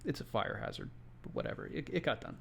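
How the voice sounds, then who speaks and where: Gravelly-voiced man telling a work story. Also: medium pitch, animated, fast talker, a little hiss or hum. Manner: conversational, with exasperated asides. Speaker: home inspector. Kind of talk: casual first-person storytelling. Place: Florida.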